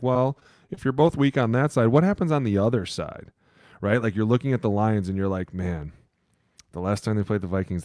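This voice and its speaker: A man co-hosting a football podcast, a former lineman telling stories in animated, profane casual chat. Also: medium pitch, smooth, no room sound, clean studio sound.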